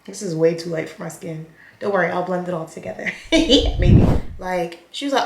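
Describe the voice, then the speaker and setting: A young woman telling a storytime while doing her makeup, chatty and animated, acting out the quotes. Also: fairly low pitch, normal speed, creaky, very noisy. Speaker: vlogger. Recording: echoey room.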